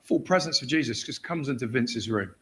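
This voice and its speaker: An English guest preacher with a mid-range voice speaks briskly, telling a story in a church sermon. He's an animated storyteller who acts out shouted voices and laughs often.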